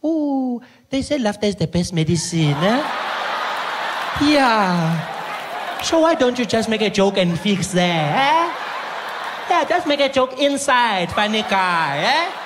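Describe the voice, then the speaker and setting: A man voicing a brusque, gloating middle-aged woman hospital receptionist, talking slow and mocking and ending lines with "eh?". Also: high voice, big pitch swings, background noise, voice pushed up, full character voice. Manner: mocking, drawn-out, ends lines with "eh?". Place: theatre stage. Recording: live theatre with loud audience.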